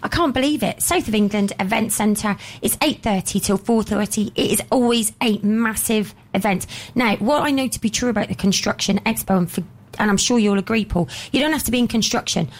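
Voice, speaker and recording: A woman co-hosting a radio show, reading event listings in a brisk, upbeat way with teasing asides to her co-host. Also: medium pitch. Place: radio studio.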